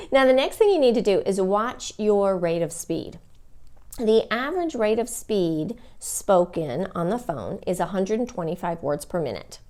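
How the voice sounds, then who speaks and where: A woman's voice: mid-range voice, a little mellow. A woman giving an instructional talk as a dental front office trainer, speaking expressively and acting out phone greetings as examples.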